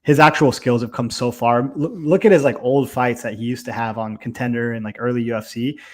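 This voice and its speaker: A young man speaks fairly quickly in a mid-range voice as he co-hosts a casual live fight commentary. His chatter is loose, full of swearing and filler words.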